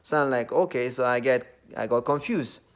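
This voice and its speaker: A Nigerian man with a Nigerian accent speaks in a medium-pitched voice at a moderate pace. His casual monologue is earnest and loosely phrased, packed with fillers.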